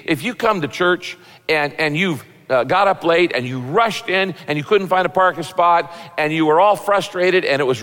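A pastor preaching a sermon in a relaxed, folksy, conversational way, acting out little quotes as he goes. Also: on the high side, in a large hall.

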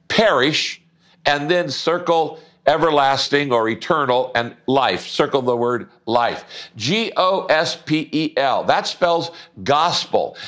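A middle-aged man preaching a sermon, emphatic, slowing down to stress scripture. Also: medium pitch, fairly bright tone. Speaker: pastor.

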